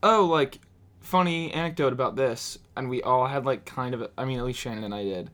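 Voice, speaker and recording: A man's voice: mid-range voice, fairly quick. A man in his twenties in casual podcast chat, making dry jokes. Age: 20s. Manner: dry, joking, lively delivery. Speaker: podcast co-host.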